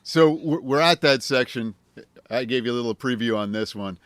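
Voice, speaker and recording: A man's voice: mid-range voice, smooth, no room sound. Dry-sounding man hosting a chat. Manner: halting, full of restarts and fillers when praising. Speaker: podcast host. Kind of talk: casual interview chat.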